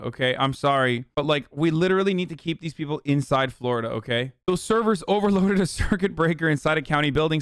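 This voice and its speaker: A man streaming his reactions to news, with a sarcastic, profane, mocking way of talking. His voice sits a bit high and sounds smooth and resonant. The close mic leaves it dry. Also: a bit bright, dry recording. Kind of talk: live-stream commentary.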